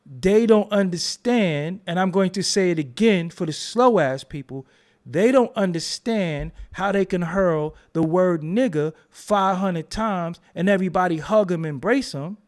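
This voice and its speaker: Young ny dude ranting on his channel, slightly high voice, blunt and cussing a lot. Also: a little mellow. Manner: blunt, profane, repetitive. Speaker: commentary channel host. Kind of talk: ranting commentary.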